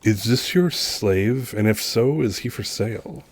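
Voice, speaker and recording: A man's voice: fairly low pitch, unhurried. A man doing a flustered desert hunt leader. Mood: courteous. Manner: hesitant, stammering apologies.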